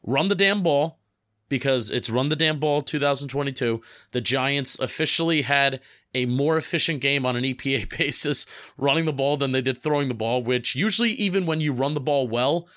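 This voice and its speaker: A young man from New Jersey co-hosting a casual sports podcast, upbeat and excitable. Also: medium pitch, no room sound, clean studio sound. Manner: upbeat, excitable, hurried asides. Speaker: podcast co-host.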